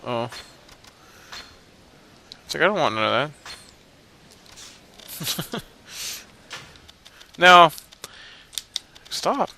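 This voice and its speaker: A man's voice: a little high, sing-song, drawn-out words, pauses often, pushed and bright, a little hiss or hum. A young man hosting a let's play, giving casual, rambling gameplay commentary in a joking, self-mocking way.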